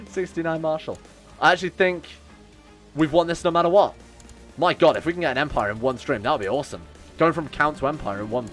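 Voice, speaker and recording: A man narrating his live gameplay stream in a casual, animated way. He jokes, swears freely and keeps answering his chat while he plays. Faint music plays underneath him. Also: mid-range voice.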